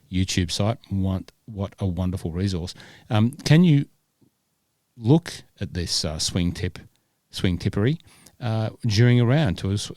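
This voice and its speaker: A man's voice: low voice, darkish tone, no echo, studio quality. A man, born in Scotland, hosting a golf podcast in rambling casual chat full of fillers and restarts. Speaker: podcast host.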